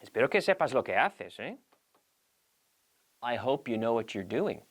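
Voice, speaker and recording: Animated, playful male language teacher. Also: mid-range voice, normal speed, long pauses. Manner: lively, playful, acts out little scenes. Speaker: English teacher and show host. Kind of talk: bilingual language lesson.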